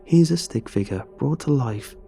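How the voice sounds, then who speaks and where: A man narrating a first-person horror story in a measured, tense, scripted way. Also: mid-range voice, lively intonation, vocal fry, mellow, soft background music.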